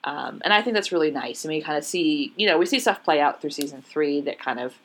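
A woman's voice: low-pitched, animated, fairly quick, fairly bright tone. A woman in casual podcast chat, opinionated and thinking aloud with fillers.

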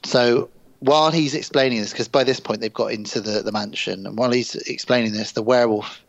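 An enthusiastic man co-hosts a casual film podcast, recounting scenes with quick asides. His recording sounds dull and lo-fi, close and dry. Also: medium pitch, steady tone, dry recording. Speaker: podcast co-host. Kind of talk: casual film review chat.

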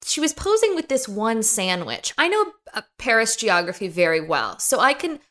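A woman with a bright, forceful voice tells her stories in casual chat. She swears freely and swings her pitch up high for emphasis, keeping her delivery animated. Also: moderate pace. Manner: profane, animated storytelling with big pitch swings. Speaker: podcast guest, commentator on influencers.

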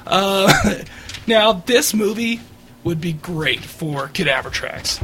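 High-voiced laughing podcast man. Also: takes it slowly, slight background noise. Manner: laughing, animated storyteller. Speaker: podcast co-host. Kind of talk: casual chat.

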